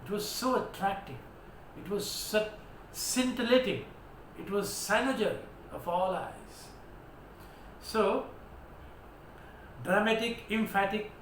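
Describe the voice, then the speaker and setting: A man's voice: high-pitched, takes it slowly, pauses often, a bit bright. Emphatic Indian man teaching vocabulary. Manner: emphatic, declamatory, spells words out letter by letter. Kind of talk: vocabulary lesson. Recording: echoey room with faint background noise.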